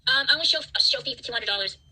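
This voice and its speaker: A woman's voice: high voice, animated, racing, a crowd in the background, low-quality recording. A woman hosting a livestream, ranting at her chat in an angry, profane, defiant way. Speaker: livestream host.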